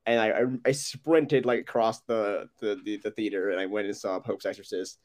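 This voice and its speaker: A man's voice: lowish voice, steady tone, moderate pace, darkish tone. A young man co-hosting a podcast, talking about films in a loose, casual way with frequent laughs and many fillers. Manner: laid-back, laughs often, many fillers and restarts. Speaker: podcast co-host. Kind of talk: casual movie chat.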